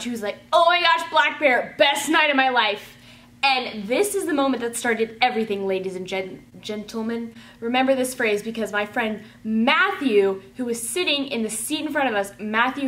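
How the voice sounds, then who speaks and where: A woman telling a rambling, chatty storytime, full of "like" and excited gushing. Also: fairly high pitch. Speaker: vlogger. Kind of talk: casual storytime.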